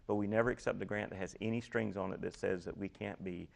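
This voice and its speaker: Gravelly low-voiced man, earnest. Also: fast. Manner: earnest, steady, repeats key phrases. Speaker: guest, ministry program leader. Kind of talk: explaining in a talk show interview.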